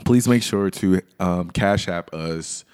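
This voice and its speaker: A young man with a very low voice co-hosts a podcast in casual banter. He sounds relaxed and laughs easily, slowing down to spell things out. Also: smooth. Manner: laid-back, laughs often, drawls when reading out details. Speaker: podcast co-host. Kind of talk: casual chat.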